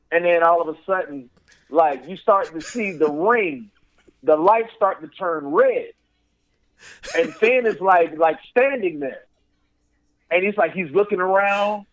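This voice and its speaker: A man with a high-pitched voice co-hosts a casual podcast. He tells stories with animated energy, acts out the voices and crowd chants, and fills his sentences with "like" and "all of a sudden.". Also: unhurried, pauses often, lo-fi sound. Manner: frequent "and then all of a sudden" and "like" fillers. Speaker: podcast co-host. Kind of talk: casual chat.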